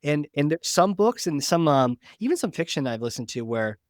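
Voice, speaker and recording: A man with a New England accent hosting a podcast, animated and acting out quoted voices in casual talk. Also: a little high, moderate pace, dry recording, studio quality. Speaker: podcast host.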